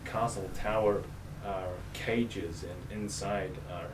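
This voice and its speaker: A man's voice: lowish voice, steady tone, takes it slowly. A man narrating a tabletop game as game master in a loose, meandering way. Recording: roomy, far from mic, noisy.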